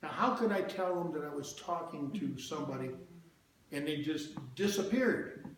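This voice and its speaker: A man's voice: fairly high pitch, expressive, moderate pace, a little hiss or hum. An older man telling a personal story to a church congregation in a folksy, plain-spoken way, with asides to the audience. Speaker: church speaker. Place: church hall. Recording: very echoey church hall, faint ambience.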